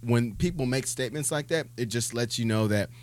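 A man's voice: mid-range voice, a little fast, a little hiss or hum. A man in his thirties co-hosting a casual podcast, easygoing and agreeable, often dropping his voice. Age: 30s. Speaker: podcast co-host. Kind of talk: casual chat.

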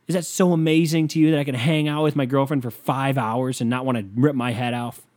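A young man talking alone into a desk microphone for his podcast. He rambles casually, swears freely and drifts into sarcastic rants. His voice sits at an ordinary pitch for a man. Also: level tone, fairly quick, few pauses, darkish tone. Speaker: podcast host. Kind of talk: casual solo podcast monologue. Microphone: desk microphone with pop filter.

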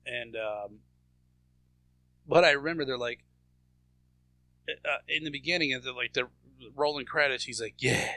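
A man's voice: mid-range voice, moderate pace, pauses often, sharp tone, no room sound. A man co-hosting a casual podcast, telling crude, mocking stories. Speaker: podcast co-host. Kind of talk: casual chat.

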